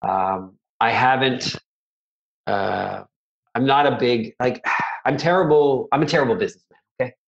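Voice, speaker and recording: A man's voice: mid-range voice, normal speed, creaky, dull audio. A middle-aged man, a martial arts instructor, telling stories in a casual interview, rambling and self-deprecating with many restarts.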